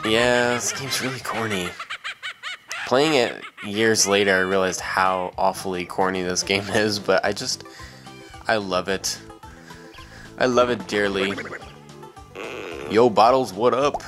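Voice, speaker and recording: Low-voiced young man rambling through a game. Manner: rambling, joking, lots of fillers. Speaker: let's play commentator. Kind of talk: casual gameplay commentary. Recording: game music loud behind. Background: game music.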